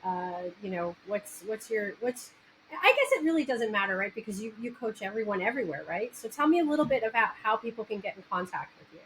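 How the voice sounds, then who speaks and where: A woman's voice: a little high, lively intonation, fast talker, a bit bright, rough recording. A woman with a New York Italian accent hosting a casual interview, talking animatedly and restarting her sentences. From New York area. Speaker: podcast host. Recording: faint background noise, backup mic.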